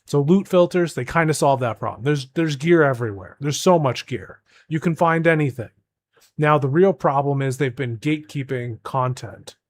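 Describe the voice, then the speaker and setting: A young man with a slightly raised pitch talks as a gaming streamer. He rambles in exasperation, restarting sentences as he rants. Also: normal speed. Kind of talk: casual ranting commentary.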